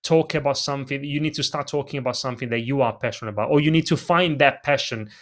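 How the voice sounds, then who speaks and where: A man's voice: medium pitch, quick pace. A man with a non-native English accent, a presentation coach answering interview questions on a video call and acting out vocal emphasis as he explains it. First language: not English. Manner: animated, demonstrates vocal emphasis. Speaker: presentation coach, podcast guest.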